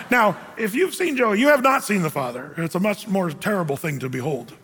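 A man with a high voice delivers a sermon from the stage of a church, and his words ring out with a long hall reverb. He keeps it conversational and lightly joking, stopping often to pose rhetorical questions to the congregation. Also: big pitch swings, normal speed, noisy background. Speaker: pastor.

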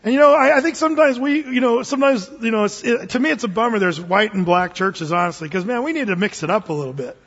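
A middle-aged man preaching a sermon to his church, telling stories and jumping into loud impressions. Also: sits high, fast, few pauses, breathy edge. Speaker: pastor. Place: church sanctuary. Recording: dull lo-fi recording with long hall reverb.

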